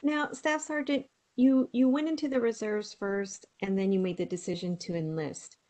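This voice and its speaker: A woman interviewer briskly asking a soldier questions for an online audience. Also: mid-range voice, steady tone, dark tone.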